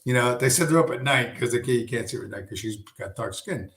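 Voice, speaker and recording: A man hosting a stream, telling a long, rambling story with heavy profanity and many fillers. His pitch sits in a middle range. The voice echoes around a roomy space. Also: quick pace, a bit bright. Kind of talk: casual rambling monologue. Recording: roomy echo.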